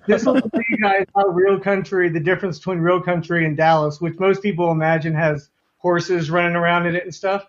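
Texan-accented man, high voice, easygoing guest, dull sound. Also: fairly even intonation, brisk. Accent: softened Texan. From West Texas. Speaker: podcast guest. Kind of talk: casual podcast chat.

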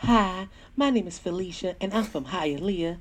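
A man's voice: high voice, expressive, normal speed, a little hiss or hum. A man putting on a puzzled woman caller. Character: woman caller asking questions.

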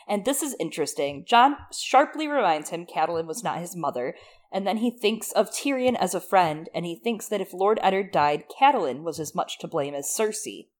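A woman's voice: lowish voice, animated, moderate pace. A woman co-hosting a casual book discussion, steadily recapping the plot. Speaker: podcast co-host.

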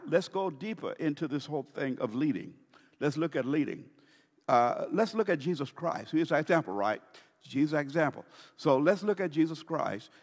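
Male pastor, fairly high voice with lively swings, emphatic sermon delivery in a church with long reverb. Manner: emphatic preaching, repeats key phrases, asks the congregation questions.

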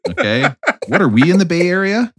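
Animated joking man hosting a podcast. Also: sits high, fairly quick, slightly rough. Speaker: podcast host. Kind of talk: casual chat.

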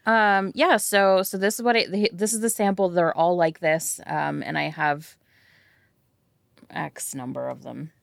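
A woman player speaking in character in a tabletop game, pitching a deal in a halting, rambling way full of fillers. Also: steady tone, creaky, no room sound, studio quality. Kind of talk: in-character tabletop role-play.

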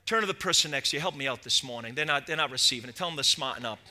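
A middle-aged man preaching a sermon as lead pastor, impassioned, swinging between shouted peaks and low asides. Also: animated, rapid-fire.

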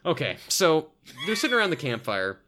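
A man's voice: on the high side, brisk, slight background noise. A man co-hosting a podcast, chatting casually and mocking a movie as he retells its scenes. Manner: animated, retells scenes and mocks dialogue. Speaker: podcast co-host reviewing a movie. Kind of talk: casual chat.

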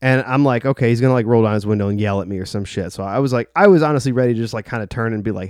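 A man's voice: mid-range voice, very fast, hardly any pauses, a little mellow, smooth, no echo, clean studio sound. A young man telling a personal story in a casual, rambling way, full of filler words and swearing. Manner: rambling, heavy use of "like", profane.

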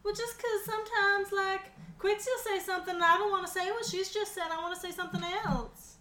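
A woman's voice: very high-pitched, fairly even intonation, a little fast, pushed and bright. A woman playing a tabletop game in casual chat, giggly and playful. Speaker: player. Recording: echoey room.

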